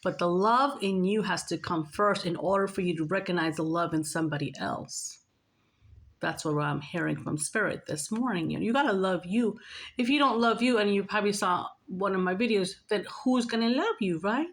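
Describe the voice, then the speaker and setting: A woman vlogger speaks straight to her viewers in a chatty, earnest way. She repeats herself often and slips into little acted-out bits of dialogue. Her pitch sits at an ordinary middle level. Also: moderate pace. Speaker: spiritual vlogger. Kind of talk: casual spiritual talk to viewers.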